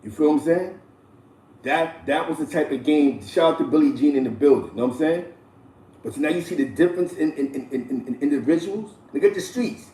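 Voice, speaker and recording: A New man hosts his own show, spinning street history in loose slang and stopping often for shout-outs. His voice sits a little high yet mellow. He is heard slightly off-mic in an echoey room. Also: brisk, recorded from a distance. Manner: loose, repetitive slang-heavy delivery with frequent shout-outs. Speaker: host. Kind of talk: casual street storytelling commentary.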